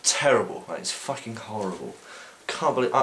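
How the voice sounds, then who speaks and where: A man's voice: mid-range voice, sing-song, a little fast, fairly bright tone, slight background noise. A young man vlogging, retelling a story casually with sarcasm, swearing and frequent fillers.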